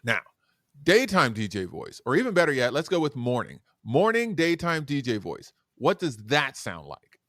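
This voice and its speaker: A male guest educator and speaker appears in a podcast interview, talking animatedly and demonstratively, swinging between loud and soft. His voice is medium-pitched at a normal speed. The audio is studio quality with no room sound.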